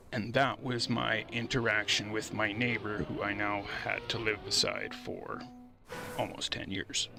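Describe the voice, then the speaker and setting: A male livestream host telling a story casually on his stream, animated and laughing as he acts out quotes. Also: medium pitch, normal speed. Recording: steady background noise.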